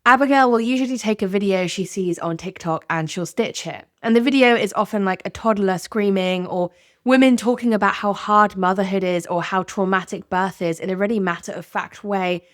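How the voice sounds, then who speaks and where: A woman's voice: mid-range voice, fairly quick, no room sound, studio quality. Candid woman narrating a podcast. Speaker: podcast host. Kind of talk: scripted narration.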